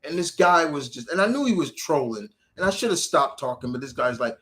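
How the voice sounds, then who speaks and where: A man's voice: a little high, very animated, fairly quick, few pauses, bright, forceful tone. A man hosting a live stream, ranting casually about comic heroes and answering viewer questions, restarting his sentences and swearing freely.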